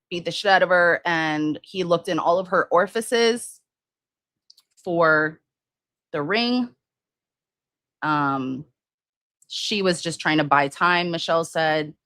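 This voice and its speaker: A woman hosts a casual true-crime livestream, rambling with plenty of fillers and restarts as she answers viewers' comments. Her voice is fairly low-pitched, slow and a bit bright, with no room sound.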